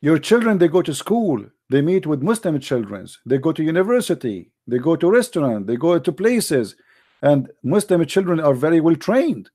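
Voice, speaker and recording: A man with a fairly high voice and a dark, mellow tone speaks to his viewers as an online commentator. He talks with earnest urgency in plain non-native English. He often repeats a word while searching for the next one. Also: sing-song, moderate pace. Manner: repeats words when searching for them. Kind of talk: direct-to-camera monologue.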